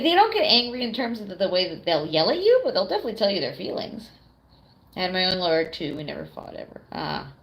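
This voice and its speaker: Chatting casually on a live stream, a young woman responds to her chat, curses freely, and laughs a lot. She has a medium-pitched, gravelly voice that is a bit bright.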